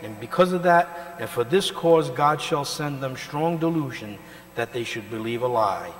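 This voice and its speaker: A male pastor preaching a sermon, emphatic and swinging between loud and quiet, often pausing to ask the congregation to finish his sentences. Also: mid-range voice, lively intonation. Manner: call-and-response questions to the congregation. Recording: reverberant hall with mains hum.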